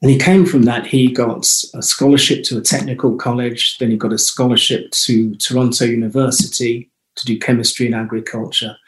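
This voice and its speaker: A man's voice: mid-range voice, flat delivery, a little fast, hardly any pauses, a bit bright, reverberant, low-quality recording. A man from the United Kingdom, a guest on an interview show, telling reflective personal stories in a conversational way. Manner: reflective, anecdotal storyteller. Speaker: guest, holistic health clinic founder.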